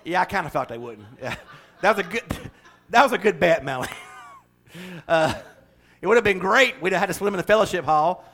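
A middle-aged man preaching a folksy, joking sermon that swells into fervent, loud passages. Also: sits high, expressive, brisk, pauses often. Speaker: pastor.

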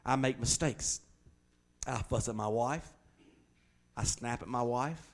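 A man's voice: mid-range voice, slow pace, gravelly. A middle-aged male pastor preaching a sermon in a conversational way, joking, then pressing his points hard. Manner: conversational preaching with humor and sudden loud emphasis.

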